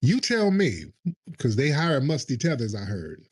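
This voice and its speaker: A man's voice: mid-range voice, wildly swooping pitch, a little slow, breathy edge. A man hosting a call-in livestream show, talking in a combative, mocking way. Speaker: host.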